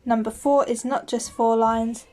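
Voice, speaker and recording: A woman teaching a language lesson, explaining each word slowly and saying it twice for the learner to repeat. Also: on the high side, fairly even intonation, dark tone. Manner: patient, says each word twice clearly. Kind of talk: slow, clear lesson with repeat-after-me drills.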